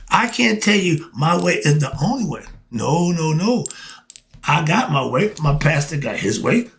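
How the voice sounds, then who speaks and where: This self-styled philosophy teacher has a fairly high, creaky voice as he addresses the camera in a casual spiritual monologue. Colloquial and preachy, he answers his own rhetorical questions and regularly interrupts himself with "moving on."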